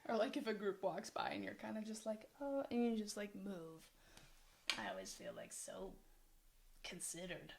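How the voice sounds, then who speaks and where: A woman's voice: mid-range voice, lively intonation, normal speed, creaky, slight background noise. A young woman co-presenting course material in a casual discussion, rambling, often breaking off mid-thought and laughing.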